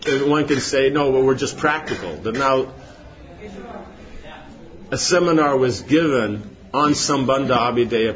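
A man's voice: mid-range voice, dull audio. A man giving an informal spiritual class, rambling with many rhetorical questions and asides. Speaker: spiritual teacher.

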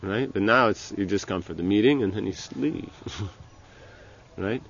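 A spiritual teacher with a low, gravelly voice lectures loosely on religion, halting, restarting, and leaning on fillers like "you know" as he circles back. The sound is dull and lo-fi.

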